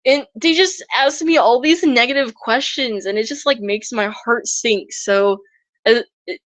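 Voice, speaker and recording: A woman's voice: a little slow, a bit bright, no room sound. A young woman talking casually and earnestly about reptile conservation in a vlog, chatty with many restarts. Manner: earnest, chatty, mimics other people in high squeaky voices.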